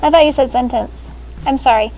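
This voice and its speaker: A high-pitched woman leads a grade-school grammar lesson, brisk and businesslike as she calls on students one by one. She speaks through a face shield in a classroom. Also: a little mellow, poor audio. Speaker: sixth grade language teacher. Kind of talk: classroom teaching.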